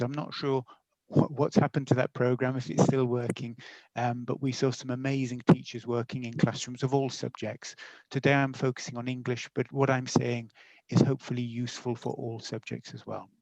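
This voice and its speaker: A man's voice: medium pitch, level tone, normal speed, darkish tone, no room sound, dull audio. A middle-aged man, a teacher educator, presenting a webinar in a friendly, explanatory way with small fillers and self-corrections, over a video call mic.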